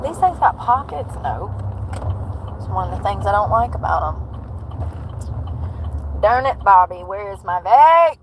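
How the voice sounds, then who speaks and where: A woman's voice: medium pitch, sing-song, measured pace, pauses often, slight background noise, poor audio. A woman from North Carolina with a country twang, chatting to viewers on a live stream and telling a story from her day. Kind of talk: casual live-stream chat.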